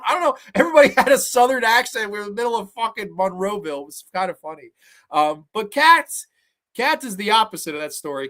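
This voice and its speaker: A man in his twenties hosting a show, telling stories and reviewing movies in an animated, profane, rambling way. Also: high voice. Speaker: host. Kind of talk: casual storytelling and movie commentary.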